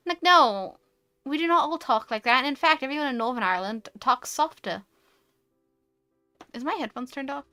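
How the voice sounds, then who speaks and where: British woman, streamer chat, animated, swears, bright voice, higher pitch. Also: normal speed, pauses often, clean tone, soft background music. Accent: British English. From United Kingdom. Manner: animated, ranting, swears freely. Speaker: VTuber streamer. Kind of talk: casual chat.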